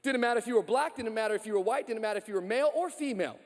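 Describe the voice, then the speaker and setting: Brief: energetic male pastor, high voice, joking sermon, long hall reverb. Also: racing. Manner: energetic, joking, loud calls to the crowd.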